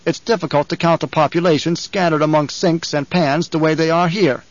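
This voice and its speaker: A man doing a higher, eager, fawning nephew. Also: steady tone, brisk, no echo, muffled recording, lightly acted. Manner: deferential, pushy, often cut off. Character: brutish young nephew, eager and obsequious.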